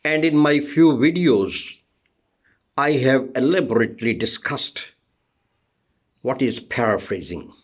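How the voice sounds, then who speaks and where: A man's voice: mid-range voice, animated, takes it slowly, long pauses, breathy edge, muffled recording. A man teaching an English listening test lesson, explaining step by step, spelling words out letter by letter and repeating key terms.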